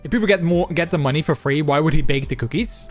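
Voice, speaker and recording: A man's voice: on the high side, fast. A Dutch man with a subtle Dutch accent, a live streamer chatting casually, reading his chat aloud and answering it. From Netherlands. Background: faint background music.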